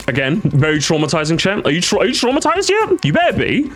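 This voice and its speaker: A man's voice: high voice, huge pitch swings, fast, few pauses, a bit bright, soft background music. A young man doing casual stream reaction commentary, sarcastic and mocking, often restarting his sentences.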